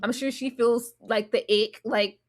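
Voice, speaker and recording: A woman giving casual, slangy commentary as a reality TV reviewer, animated and sassy, with sudden loud outbursts. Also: a little high, a little slow.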